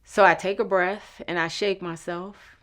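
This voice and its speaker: Slow-talking, low-voiced woman telling her story. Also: fairly even intonation, a bit bright. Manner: intense, emotional retelling with quoted dialogue. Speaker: storyteller recounting her own court case. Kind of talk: personal storytelling.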